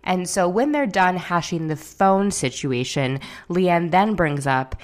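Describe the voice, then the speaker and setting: A woman's voice: fairly low pitch, animated, unhurried. A woman giving a casual, candid recap of a reality show episode, opinionated, with dry jokes and the odd swear word.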